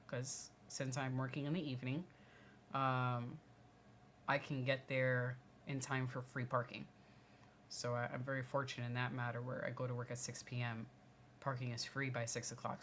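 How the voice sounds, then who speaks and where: Female livestream co-host, low voice, casual and animated, breaks off to thank chat; faint hum behind. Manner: animated, laughing storyteller reading chat comments.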